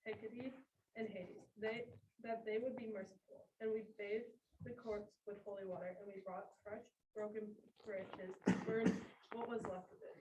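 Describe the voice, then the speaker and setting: A woman's voice: mid-range voice, steady tone, a little slow, muffled recording, noisy background, lightly acted. A woman reading a messenger bearing grim news. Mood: grave. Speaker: student reader. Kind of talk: classroom play reading. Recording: echoey room, far from mic.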